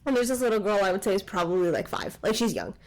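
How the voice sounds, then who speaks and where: A woman co-hosting a podcast, casually retelling a film's plot with lots of "like" fillers and quick asides. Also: medium pitch, rough recording. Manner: rambling retelling of a film plot, many "like" fillers. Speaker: podcast co-host. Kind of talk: casual chat.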